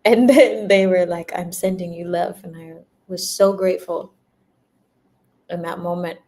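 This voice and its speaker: Young female spiritual reader, unhurried and a bit low-pitched, chatty, giggly, slips into playful quoted voices. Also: steady tone, darkish tone. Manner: laughs often, repeats words, acts out little quoted voices. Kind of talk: spiritual livestream talk.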